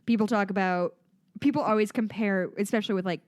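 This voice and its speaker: Animated Midwestern woman podcaster. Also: mid-range voice, fast, no room sound. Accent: Midwestern American. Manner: animated, swears freely, mocking voices. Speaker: podcast co-host. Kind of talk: casual chat.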